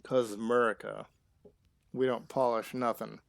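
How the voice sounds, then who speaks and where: A man chatting casually with his viewers while playing a game live, rambling and halting with restarts. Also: medium pitch, flat delivery, vocal fry. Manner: rambling, chatty asides to chat. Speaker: streamer. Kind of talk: live gameplay commentary.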